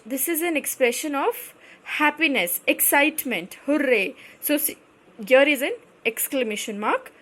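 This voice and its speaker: A woman's voice: sits high, a bit bright. A woman with an Indian English accent teaching a grammar lesson, explaining patiently and repeating herself often. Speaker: school teacher.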